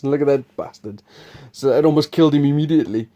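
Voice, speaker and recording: A man's voice: on the high side, fast talker, warm tone. A man hosting a board game preview, explaining the game in a rambling, chuckling, casual way. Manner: rambling, chuckling, restarts sentences.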